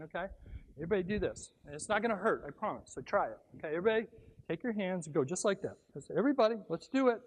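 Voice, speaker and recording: A middle-aged man giving an animated motivational keynote speech, telling stories, acting out quotes and drawing the audience in. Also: sits high, husky, poor audio. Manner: animated storytelling, acts out quotes, engages audience. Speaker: guest speaker. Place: brewhouse event space.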